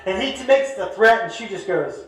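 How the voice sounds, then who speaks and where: A stand-up comedian telling a long story on stage, animated and shouting his punchlines over the laughter. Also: high-pitched, normal speed. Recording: echoey comedy club from the stage.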